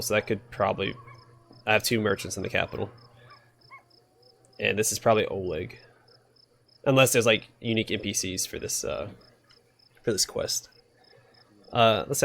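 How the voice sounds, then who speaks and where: Low-voiced man commenting on his gameplay. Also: normal speed, creaky, pauses often, fairly bright tone. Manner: thinks aloud with fillers and self-corrections. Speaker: let's play host.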